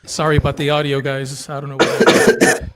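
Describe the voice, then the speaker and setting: Easygoing man, slightly high voice. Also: monotone, a little fast, very noisy. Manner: easygoing, colloquial. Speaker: real estate acquisitions closer. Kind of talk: casual chat.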